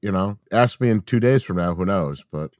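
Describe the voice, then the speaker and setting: A fairly low male voice that still swings around a lot in pitch. He banters on a podcast with crude jokes and a laid-back, teasing manner, calling his friend dude. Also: expressive, normal speed, dry recording, clean studio sound. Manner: joking, crude, calls people dude and bro. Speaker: podcast co-host. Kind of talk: casual chat.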